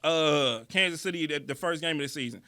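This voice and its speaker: Bright-voiced man in casual sports chat. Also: on the high side, a little fast. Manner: animated, slangy, joking. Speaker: podcast co-host.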